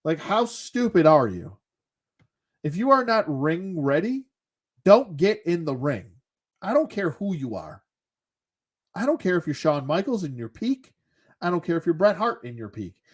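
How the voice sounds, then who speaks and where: A man's voice: a little high, big pitch swings, a little slow, long pauses. A man ranting casually as a show host, sarcastic and exasperated, swearing as he goes.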